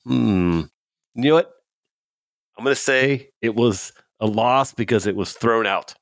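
A man's voice: medium pitch, a little slow, dry recording, clean studio sound. Hesitant man musing over answers. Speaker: contestant. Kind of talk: casual podcast banter.

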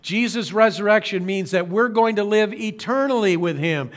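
Male pastor with a higher-pitched voice, earnest and slow-phrased sermon delivery, occasional self-corrections. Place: church streaming service.

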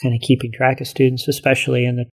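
A male college instructor calmly explaining the course he co-teaches, in a measured conversational way. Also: medium pitch, breathy edge. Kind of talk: casual conversation.

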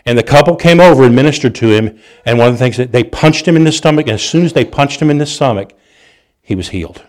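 A man preaching a sermon, telling stories with animated delivery, restarts and chuckles. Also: medium pitch, quick pace.

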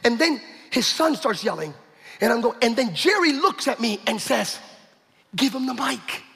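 Man, preacher, very high voice, bright and forceful, animated storytelling, long hall reverb. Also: moderate pace, creaky. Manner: animated storytelling, acts out quotes, builds to shouting. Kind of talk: sermon testimony.

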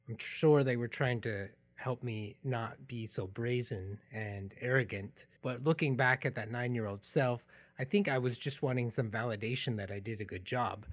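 A man hosting a podcast, telling a personal story in a reflective, earnest way that drops into quiet asides. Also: mid-range voice. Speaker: podcast host.

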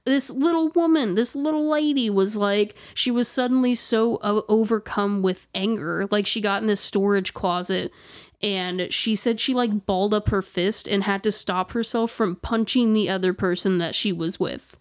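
A woman's voice: mid-range voice, moderate pace. Rambling woman telling a spooky story. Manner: rambling, many "like" fillers and restarts. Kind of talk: casual storytelling chat.

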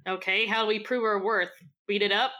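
Bright-voiced woman player, eager. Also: mid-range voice, fairly even intonation, fairly quick. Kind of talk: tabletop role-play chat.

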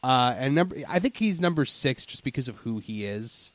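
A man's voice: mid-range voice, expressive, moderate pace, no echo. A man co-hosting a casual chat, rambling with many fillers and restarts. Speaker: podcast co-host.

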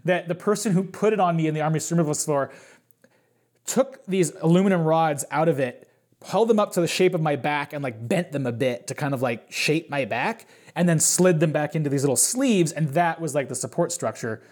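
A man's voice: fairly high pitch, brisk, darkish tone. A man talking as a podcast guest, telling a long story in a casual, rambling way, full of fillers and restarts.

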